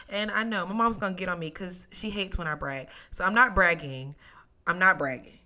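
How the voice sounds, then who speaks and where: Young woman podcaster, casual storytelling, bright tone, emotional, talks straight to listeners. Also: on the low side, normal speed. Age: young adult. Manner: emotional, near tears, testimony-like; animated, addresses listeners as y'all. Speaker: podcast host.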